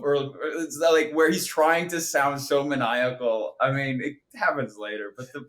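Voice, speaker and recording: A fired-up man co-hosting a movie podcast, ranting with lively emphasis in a fairly high voice. His casual chat with friends builds to excited complaints. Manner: animated, ranting, mocking impressions. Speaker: podcast co-host. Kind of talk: casual film review chat.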